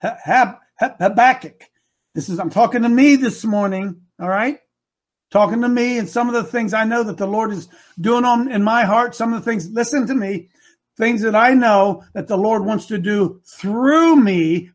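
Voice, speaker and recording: High-voiced impassioned man in his sixties preaching. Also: normal speed. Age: 60s. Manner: impassioned, swinging from hushed to shouting; emotional, close to tears. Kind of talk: sermon.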